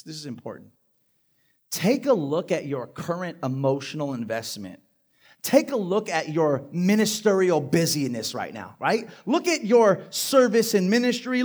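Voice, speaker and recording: A man preaching a sermon to a congregation, building from quiet points to loud, emphatic passages. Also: a little high. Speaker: pastor. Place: church hall before a live congregation.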